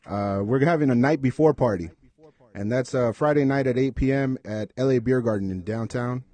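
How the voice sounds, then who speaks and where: A man casually announcing upcoming fan events on a podcast, relaxed and hesitant, with many ums and uhs. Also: medium pitch, moderate pace. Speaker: supporters group announcer.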